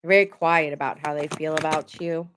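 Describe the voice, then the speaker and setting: A woman's voice: low-pitched, steady tone, moderate pace, fairly bright tone. A woman giving a casual live tarot reading, chatty and often laughing as she acts out what people say. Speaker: tarot reader streaming live.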